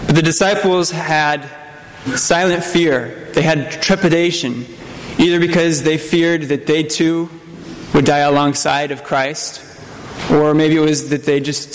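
A man as a priest reading the epistle and gospel, then preaching, in a measured, solemn manner with small slips. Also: on the high side. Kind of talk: scripture reading and sermon. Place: church. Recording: long church reverb, faint room noise.

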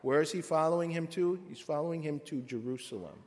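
A man, a priest, reading scripture and preaching a sermon with a solemn, measured cadence. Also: a little high, darkish tone. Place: church. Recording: long church reverb.

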